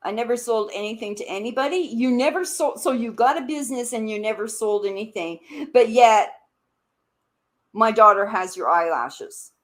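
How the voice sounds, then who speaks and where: High-voiced woman, angry and confrontational. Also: normal speed. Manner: confrontational, accusing, repeating questions; swearing, voice jumps up when angry. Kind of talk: heated live-stream rant.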